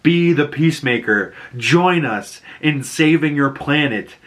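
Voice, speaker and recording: A man's voice: fairly high pitch, expressive, unhurried, a bit bright, voice pushed up. A man voicing a pleading alien woman leader, speaking in an earnest, coaxing way while retelling a show.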